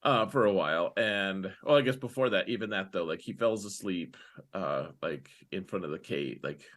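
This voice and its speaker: A young man co-hosting a relaxed podcast chat in a lowish voice. He rambles through his thoughts with plenty of fillers, slipping into quick quoted lines as he retells scenes. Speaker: podcast co-host. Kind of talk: casual chat.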